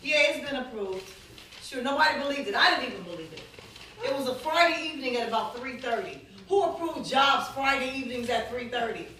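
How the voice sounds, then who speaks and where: High-voiced lady pastor telling a story, acts out everybody, sounds far off in a big echoey room. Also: brisk, a little hiss or hum. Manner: animated storytelling, acts out dialogue, laughs often. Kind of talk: sermon testimony.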